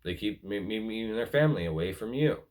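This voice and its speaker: A man's voice: lowish voice, expressive, fast, a little mellow. A man talking casually to viewers about relationships, earnest and repetitive, often calling them guys. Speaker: relationship advice vlogger. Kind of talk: casual spoken advice.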